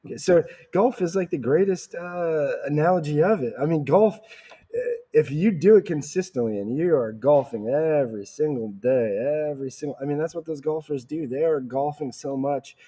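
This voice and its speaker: A man's voice: fairly high pitch, moderate pace, mellow, slightly rough. A man co-hosting a casual sales podcast, chiming in with short agreements and tips. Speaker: podcast co-host.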